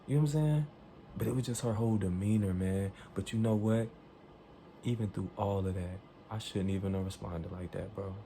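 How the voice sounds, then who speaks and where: A man with a low, warm, mellow voice tells a story in an animated and emphatic way. He swears freely and acts out the lines people said. A faint hiss sits behind him. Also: a little fast. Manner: profane, emphatic, acts out quoted dialogue.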